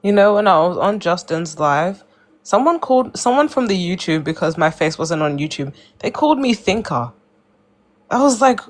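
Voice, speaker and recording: A woman's voice: lowish voice, sing-song, moderate pace. A woman with an Australian accent chatting casually on a live stream, joking and bantering playfully.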